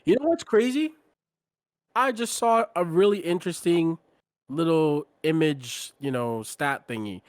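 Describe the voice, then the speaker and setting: A man's voice: a little high, lively intonation, measured pace, dry recording. A man co-hosting a casual sports podcast, talking bluntly and with strong opinions, often trailing off and restarting his sentences. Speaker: podcast co-host.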